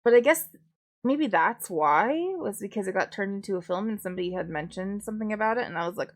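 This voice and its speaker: A woman chats casually to her stream audience at a mid pitch, typical for her sex. She rambles, trips over restarts and fillers, and throws in the occasional swear word. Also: animated, fast. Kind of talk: casual chat.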